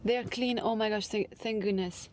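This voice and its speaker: A woman's voice: mid-range voice, fairly even intonation, normal speed, background noise. A woman in a casual vlog, talking to herself in a tired, chatty way from inside her car. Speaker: vlogger.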